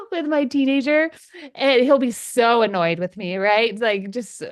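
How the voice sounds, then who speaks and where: A woman's voice: on the high side, unhurried. A woman in her forties, a parenting coach and podcast host, talking enthusiastically in an interview and laughing often. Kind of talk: conversational interview.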